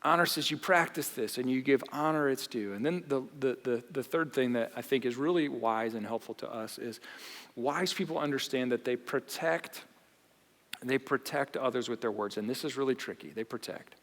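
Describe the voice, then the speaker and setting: Animated male pastor in reverberant hall. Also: mid-range voice, normal speed. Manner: animated, repeats and restarts phrases. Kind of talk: sermon. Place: church auditorium. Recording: long reverb of a large hall.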